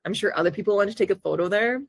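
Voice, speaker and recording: A woman's voice: mid-range voice, very fast, vocal fry, no echo. A woman co-hosting a podcast, telling a story casually, filled with "like" and acted-out reactions. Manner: chatty, lots of "like" fillers; acts out her own reactions in quotes. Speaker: podcast co-host.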